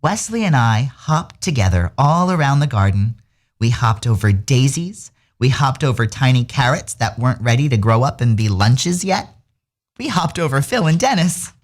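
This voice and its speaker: Lively drag queen reading a storybook. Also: mid-range voice, moderate pace. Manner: lively storybook reading with many character voices. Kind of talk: reading a picture book aloud on radio.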